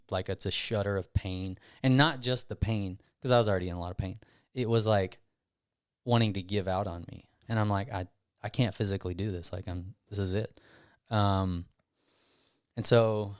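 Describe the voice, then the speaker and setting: A man who owns a gym, telling a long personal story on a casual podcast, rambling and animated as he quotes himself. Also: on the low side, clear, resonant tone, no room sound, clean studio sound. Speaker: gym owner guest.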